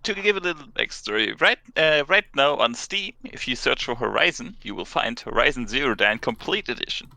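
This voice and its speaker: A man's voice: mid-range voice, lively intonation, brisk, creaky, few pauses, bright, forceful tone, dry recording, poor audio. A man co-hosting a casual gaming podcast with a playful, newsy delivery. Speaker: podcast co-host.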